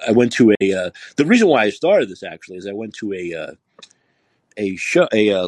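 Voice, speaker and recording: A man's voice: lowish voice, a little mellow, husky, dry recording. A man hosting a live call-in podcast, talking casually and sarcastically, rambling with many restarts. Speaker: podcast host. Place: San Francisco.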